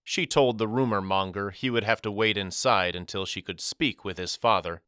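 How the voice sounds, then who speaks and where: A man narrating a first-person audiobook story in a wry, measured storytelling manner. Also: on the low side, sharp tone, clear, resonant tone, no echo, studio quality.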